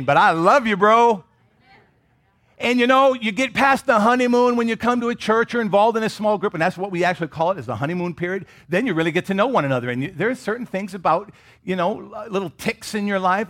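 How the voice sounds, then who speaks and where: A middle-aged man from Michigan preaching a sermon as pastor, animated and joking with the congregation in casual asides. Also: high voice.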